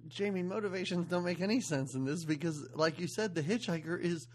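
A man's voice: high-pitched, a little fast, darkish tone. A man co-hosting a podcast, giving wry, laughing commentary on a movie. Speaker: podcast co-host. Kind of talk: casual movie recap chat.

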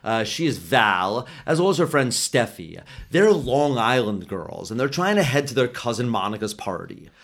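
A man's voice: medium pitch, very animated, moderate pace, few pauses, fairly bright tone. Chatty male podcast co-host. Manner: chatty, with self-corrections. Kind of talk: casual chat. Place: apartment in New York.

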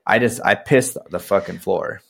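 A man's voice: low-pitched, moderate pace, creaky, a bit bright, husky. A man co-hosting a podcast, chatting casually in a teasing, profane way with frequent restarts. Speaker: podcast co-host.

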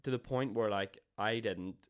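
Lower-pitched man telling stories. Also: normal speed. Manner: swears freely, animated storytelling. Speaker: podcast co-host. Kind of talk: casual storytelling chat.

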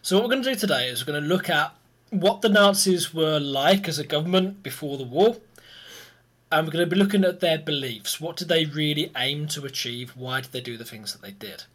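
Easygoing man with a higher voice. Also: a little fast, fairly bright tone. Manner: easygoing, laughs often, explains step by step. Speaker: podcast host presenting history. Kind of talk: casual chat and history explanation.

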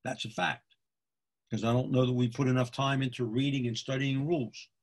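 This football official, a middle-aged man from Pennsylvania, USA, speaks at a medium pitch in a steady, slightly fast tone. His folksy lesson to other officials repeats key points and is dotted with "okay?"

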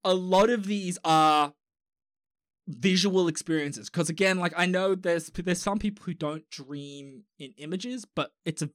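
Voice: mid-range voice, unhurried, a bit bright, dry recording, studio quality. A young adult with an Australian accent, co-hosting a casual podcast chat, rambling with restarts, fillers and swearing. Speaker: podcast co-host.

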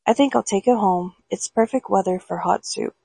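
A woman voicing a stubborn, impatient woman cooking soup, in a husky storybook reading. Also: mid-range voice, moderate pace, dark tone, dry recording. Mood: pleased. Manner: dismissive, muttering.

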